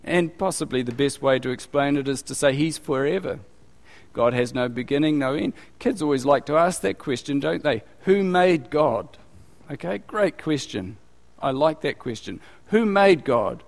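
A male preacher giving a conversational, animated sermon with acted asides. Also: mid-range voice, moderate pace, vocal fry, in a large hall.

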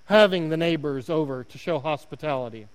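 A man with an Oklahoma accent preaches a sermon in a high, bright-toned voice. He is earnest and self-deprecating and repeats words as he presses a point. His voice rings with the long reverb of a church hall. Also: brisk, clean tone. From Oklahoma, United States. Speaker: guest preacher.

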